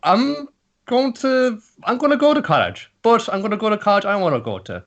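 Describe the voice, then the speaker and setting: A man's voice: high voice, big pitch swings, a little fast, a bit bright, dull audio, voice pushed up, heavily acted. A man voicing a firm teenage boy defying his mother. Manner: firm, resolute.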